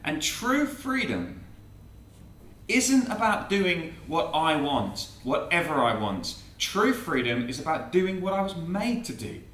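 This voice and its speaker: A man giving an evangelistic talk to a student audience, lively and theatrical as he acts out quotes. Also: a little high, slow pace, reverberant, recorded from a distance. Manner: animated, theatrical, acts out quotes and a comic poem. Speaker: speaker at a student Christian meeting.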